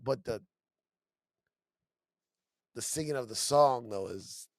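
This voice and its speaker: A man from New York with a New York accent, co-hosting a podcast and telling stories in an animated way. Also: mid-range voice, measured pace, pauses often, no room sound, studio quality. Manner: animated storytelling, acts out quotes. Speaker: podcast co-host. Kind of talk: casual chat. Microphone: studio podcast mic.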